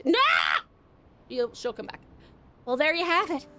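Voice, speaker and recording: A woman's voice: high voice, expressive, slow, pauses often, fairly bright tone. A woman with an Australian accent, chatting casually with viewers while she plays a game on a live stream, rambling, swearing and laughing often. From Tasmania, Australia.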